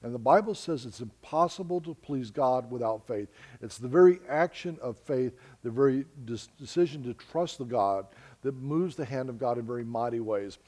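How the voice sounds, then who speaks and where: An American preacher and missionary tells stories in a sermon, speaking earnestly to the congregation and calling them folks. His voice is mid-range and darkish in tone, delivered at normal speed.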